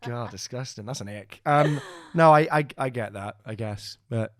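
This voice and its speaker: A man's voice: medium pitch, normal speed, a bit bright, no echo. A young Welsh man hosting a podcast, telling rambling stories in casual chat and swearing freely. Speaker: podcast host.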